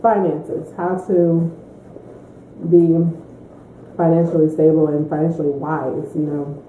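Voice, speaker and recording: A woman, a mother, chatting casually in a mukbang Q&A, a lively storyteller who laughs often. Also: low voice, slow, slight background noise. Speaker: mother answering Q&A. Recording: tinny echoey room recording.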